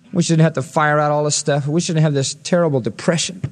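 Male pastor, high-pitched, earnest sermon delivery, emphatic swells. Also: steady tone, fast, big-room sound. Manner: earnest, rising to emphatic peaks when quoting scripture. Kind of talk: expository sermon.

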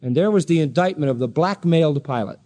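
A man's voice: expressive, quick pace, mellow. A man preaching an expository sermon, dramatically acting out the voices he quotes. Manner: dramatic, acts out quoted voices with sweeping pitch.

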